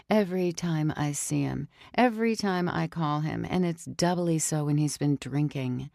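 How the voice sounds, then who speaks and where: A woman's voice: low-pitched, moderate pace, creaky, hardly any pauses, darkish tone, no room sound, studio quality. A woman narrating a first-person audiobook in a tense, confessional manner that sometimes drops to a whisper.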